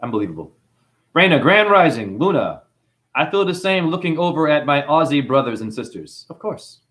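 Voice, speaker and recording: A man's voice: fairly high pitch, big pitch swings, normal speed, fairly bright tone. A man with a New Zealand accent hosting a livestream, rambling and preachy as he reads out chat messages. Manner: rambling, preachy, calls listeners honey. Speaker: livestream host. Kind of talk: livestream monologue reading chat.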